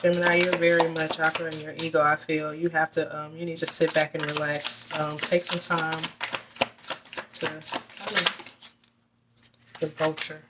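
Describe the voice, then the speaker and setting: A woman's voice: low voice, level tone, moderate pace, long pauses, very noisy. A woman giving a casual tarot reading straight to her viewers, earnest and repetitive, often restarting her words. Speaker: tarot reader.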